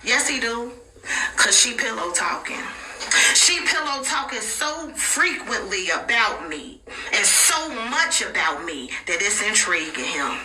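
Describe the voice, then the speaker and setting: Bright-voiced woman telling a wild story. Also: medium pitch, a little slow, distant mic. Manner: animated, slangy, dramatic retelling. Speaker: podcast host. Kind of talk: casual storytelling. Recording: roomy echo, off-mic.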